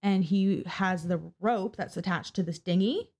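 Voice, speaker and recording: Speaking a little slowly, this woman has a dark, medium-pitched voice captured on lo-fi audio. She co-hosts a podcast, narrating a true-crime tale casually, swearing often and performing the voices of those she quotes.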